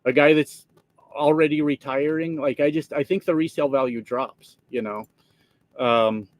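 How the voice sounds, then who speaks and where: A man's voice: mid-range voice, a little mellow, dry recording. A man, hosting a trucker livestream from his truck, chatting casually and reading comments, swearing freely and laughing often. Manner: profane, rambling, laughs often. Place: inside a truck cab.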